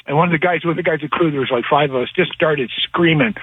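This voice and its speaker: A man calling in to a radio show, telling a story in a rambling, animated way with many restarts, heard over a phone line. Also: a little high, fast, slightly rough, dry recording. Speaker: caller. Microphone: telephone.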